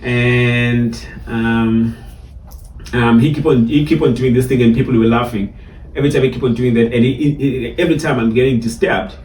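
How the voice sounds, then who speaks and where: A man from South Africa with a South African Xhosa English accent, telling lively stories in a casual chat with many fillers and repeats. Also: mid-range voice, moderate pace. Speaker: barista trainer, guest. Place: in a car. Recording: roomy sound, mic at a distance, faint ambience.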